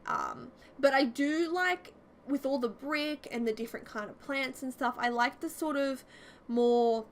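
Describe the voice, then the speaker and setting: Woman, casual voice-over, chatty and self-deprecating, lively pitch, slight hiss. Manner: chatty, fast, many "like" fillers. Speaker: YouTuber.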